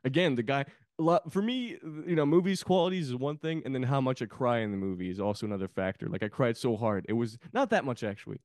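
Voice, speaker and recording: A man's voice: mid-range voice, animated, quick pace, few pauses, darkish tone, dry recording. Rambling, laughing man on a dry mic. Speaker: podcast guest. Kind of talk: casual film chat.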